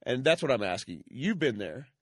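A blunt, swearing man trading crude jokes on a podcast, often pressing the others with questions. His voice is mid-pitched and recorded close and dry. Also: sing-song, moderate pace, slightly rough, no room sound. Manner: blunt, profane, asks questions. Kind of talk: casual crude banter.

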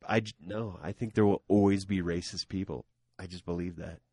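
Blunt, husky-voiced man on a podcast. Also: low-pitched, a little fast, no echo, studio quality. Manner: blunt, swears freely, says his opinions flatly. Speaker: podcast co-host. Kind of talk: casual podcast banter.

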